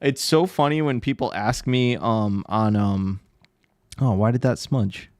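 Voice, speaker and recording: A man's voice: medium pitch, unhurried, darkish tone, no room sound, clean studio sound. A man chatting and joking with viewers on a live art stream, teasing them and laughing often. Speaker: livestreaming artist and tattoo artist. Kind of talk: casual livestream chat with viewers.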